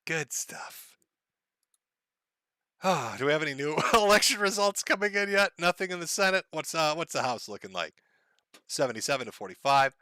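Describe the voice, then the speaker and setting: A man's voice: a little high, pushed and bright, no echo. A man hosting a live stream, commenting sardonically and laughing often. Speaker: livestream host.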